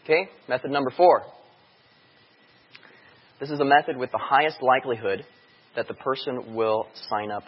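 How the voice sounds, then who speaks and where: A man's voice: mid-range voice, fairly even intonation, normal speed, pauses often, breathy edge. A man giving a chatty church outreach talk to a live audience, telling stories and asking the room questions. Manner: anecdotal, chatty, quizzes the room. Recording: dull sound in a long-reverb hall.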